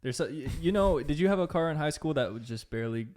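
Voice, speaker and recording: A man's voice: a little high, lively intonation, fast talker, darkish tone. Joking Midwestern host, young man. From Iowa, US Midwest. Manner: joking, playful. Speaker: podcast host. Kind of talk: casual chat.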